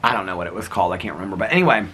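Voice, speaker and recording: A man's voice: low-pitched, animated, very fast, pushed and bright, husky. A middle-aged man vlogging in a rambling casual chat, laughing often as he talks.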